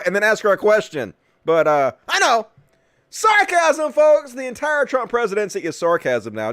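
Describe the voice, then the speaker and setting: A man's voice: on the high side, a bit bright, no echo. A man hosting a political talk show, ranting with sarcasm and lots of swearing. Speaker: host.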